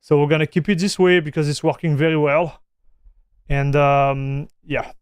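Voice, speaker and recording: A man's voice: on the high side, little pitch movement, normal speed, clean tone, no room sound, studio quality. A man streaming live, chatting casually, greeting viewers and reading their chat messages aloud, often restarting his sentences. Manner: frequent restarts and fillers.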